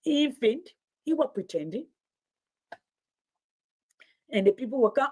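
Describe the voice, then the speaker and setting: Lady ranting about politics, fired up, repeats stuff for emphasis, kinda high voice. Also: big pitch swings, a little slow, long pauses, dark tone. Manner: indignant, emphatic, repeats phrases for stress. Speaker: commentator. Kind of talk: impassioned political commentary.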